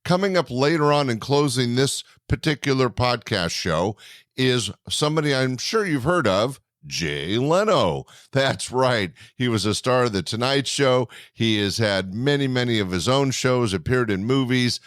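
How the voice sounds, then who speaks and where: A man's voice: lively intonation, a little slow, a bit bright, no room sound, studio quality. A man hosting a comedy podcast, introducing the sets in an upbeat promo manner. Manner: friendly, upbeat promo pitch. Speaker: podcast host and club owner.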